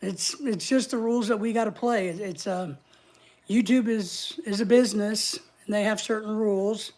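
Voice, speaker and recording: A woman's voice: mid-range voice, fairly even intonation, moderate pace, darkish tone. Rambly woman on a livestream, chatting away and reading out the chat. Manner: rambling, chatty, reads viewer comments aloud. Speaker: livestream host.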